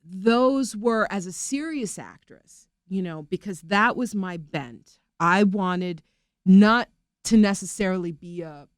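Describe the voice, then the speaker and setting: A middle-aged woman, an actress, talking casually in an interview, animated and rambling, often laughing. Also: medium pitch, slow, no echo, clean studio sound.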